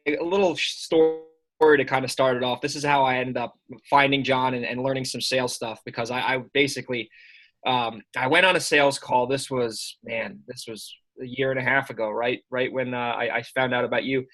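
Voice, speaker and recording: A man in his early twenties, a sales coach telling an animated anecdote in a casual way. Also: medium pitch, poor audio. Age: early 20s. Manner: animated anecdote with quick asides. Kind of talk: casual storytelling.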